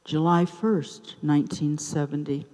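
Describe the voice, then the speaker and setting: An older woman in her seventies tells a true story from a theater stage, her voice low-pitched and mellow. She speaks very slowly and lets dramatic pauses hang between short phrases. The live room gives her a long, reverberant tail. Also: steady tone. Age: 70s. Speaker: open mic storyteller.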